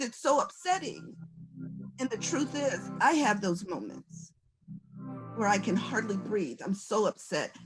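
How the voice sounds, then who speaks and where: Folksy woman giving a calm wellness talk. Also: mid-range voice, poor audio. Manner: gentle, conversational, folksy, coaching. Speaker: workshop presenter. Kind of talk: relaxed conference talk on stress reduction. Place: virtual conference session. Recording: music playing underneath.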